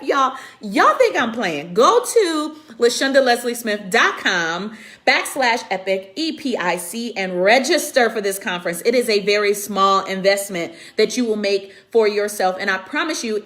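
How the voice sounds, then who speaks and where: A woman with a fairly high voice hosts a faith talk streamed live from her computer. She speaks in an earnest, preacherly way and greets her viewers by name. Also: fairly bright tone. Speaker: women's conference host and speaker. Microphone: computer camera mic.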